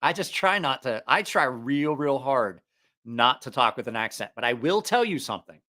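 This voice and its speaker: Hosting a casual livestream, a knife reviewer and channel host speaks with a slight Southeast Ohio accent, chatty and rambling and correcting himself. His medium-pitched voice is bright and forceful with lively intonation at a normal speed, and he uses a studio mic with headphones on.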